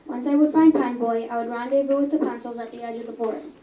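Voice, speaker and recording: Young girl reading her story aloud, high voice, stumbles here and there, sounds far from the mic. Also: steady tone, fast, mellow, dull audio, slight background noise. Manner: earnest, with small stumbles and self-corrections. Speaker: reader. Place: coffee house. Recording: echoey room, mic at a distance.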